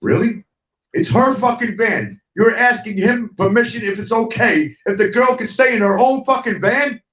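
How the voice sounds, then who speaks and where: A middle-aged man hosts a heated, profane online rant, hammering his points at viewers and repeating himself. His voice sits a little high for a man. He is picked up from a distance in an echoey room, and the sound is dull. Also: normal speed, a bit bright. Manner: angry, profane, repetitive, talks straight at viewers. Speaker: host of an online talk show.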